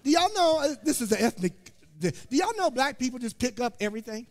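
A pastor from Indiana preaching a sermon, joking and calling out to his congregation in an animated way. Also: very high-pitched, fast talker. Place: church sanctuary. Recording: long church hall reverb.

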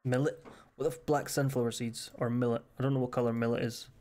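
A man's voice: medium pitch, flat delivery, quick pace, warm tone. Crude, joking Scottish man streaming a game. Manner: crude, joking, reading aloud hesitantly. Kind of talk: casual live-stream commentary.

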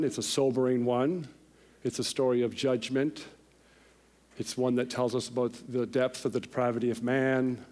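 A middle-aged man preaching a sermon in a church, telling a personal story with lively, animated delivery and voicing the people in it. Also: medium pitch. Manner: animated storyteller, voices others in the tale. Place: church sanctuary.

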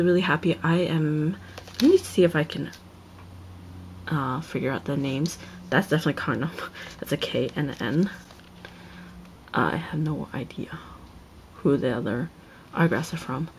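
A young woman chats through an excited unboxing, her voice sitting a little low for a woman. She gushes constantly and now and then drops to a breathy whisper. A faint hiss runs underneath the recording. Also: rough recording. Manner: gushing, keeps repeating oh my god, drops into whispers. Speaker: unboxing vlogger. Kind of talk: excited casual unboxing chat.

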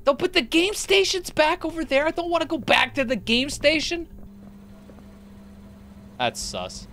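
Panicky high-voiced woman streamer. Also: big pitch swings, measured pace, fairly bright tone, a little hiss or hum. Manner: panicky, swearing, laughing. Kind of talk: horror game commentary.

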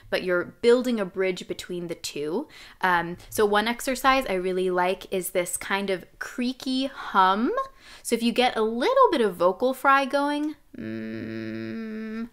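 A young adult woman teaching a live singing lesson as a vocal coach, explaining clearly and demonstrating sounds. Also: medium pitch, fairly bright tone.

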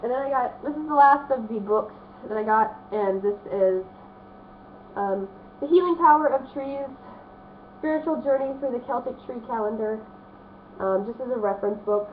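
A woman's voice: a little high, moderate pace, slight background noise. A woman in her thirties chatting in a rambling way about her book haul, with a stuffy nose and lots of fillers. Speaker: vlogger showing a book haul. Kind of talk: casual chat. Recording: tinny, phone-like lo-fi audio.

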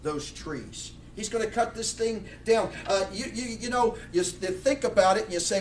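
High-voiced preacher man, blunt and fired up, roomy church sound far from the mic. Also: moderate pace, few pauses, slight background noise. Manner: blunt, fiery, many restarts. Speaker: pastor. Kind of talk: sermon. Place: church sanctuary. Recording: echoey room, mic far off.

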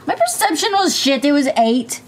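An eager woman playing in a tabletop game, her pitch swinging widely as she chats with the group. Audible background noise runs under the recording. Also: normal speed. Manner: lively, eager, chatty. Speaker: player. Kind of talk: casual tabletop game chat.

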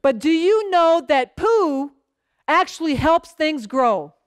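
Speaking slowly and with animation, a woman pastor preaches in a conversational, storytelling way. She keeps checking in with the congregation and acts out short exchanges of dialogue in a lowered voice. There is no echo.

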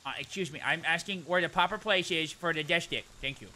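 Goofy, theatrical man with a bright voice. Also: a little high, a little fast, slight background noise. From Texas. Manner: silly, theatrical, swings between put-on voices. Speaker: game player. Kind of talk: goofy in-game voice chat role-play.

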